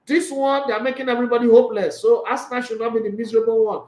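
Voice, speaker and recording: A man's voice: extremely high pitch, steady tone, very fast, darkish tone, roomy sound, low-quality recording. A man hosting a sports show, talking casually through football predictions with teasing rhetorical questions. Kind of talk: casual football preview talk.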